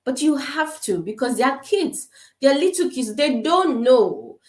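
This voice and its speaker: A woman from Africa giving quick, emphatic parenting advice in an informal talk, repeating her points. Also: high voice, very animated, reverberant, low-quality recording. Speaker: parenting speaker. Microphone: camera.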